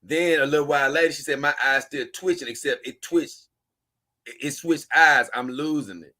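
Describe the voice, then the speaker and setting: A man's voice: fairly high pitch, normal speed, sharp tone. A man, hosting a casual show, rambling and chuckling as he reads posts aloud to his viewers. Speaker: host.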